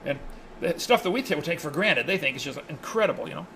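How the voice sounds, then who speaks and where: A man leading a Bible study, telling a story in a lively, animated way. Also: on the high side, fast talker, a little hiss or hum, poor audio. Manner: animated, acts out the characters' lines in his retelling.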